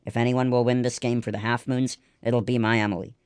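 A man's voice: medium pitch, little pitch movement, a little fast, a little mellow, clear, resonant tone, no room sound, close to an everyday voice. A man reading the lines of a proud, firm old grandfather in a storybook. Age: older.

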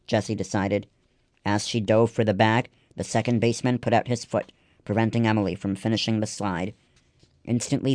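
A man reading a children's story aloud in steady scripted narration. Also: fairly low pitch, dry recording, studio quality. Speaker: audiobook narrator.

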